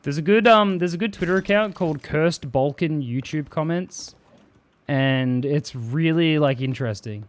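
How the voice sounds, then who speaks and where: A man's voice: fairly high pitch, moderate pace. A man streaming live, chatting casually and swearing freely as he reads viewer messages aloud and jokes about them.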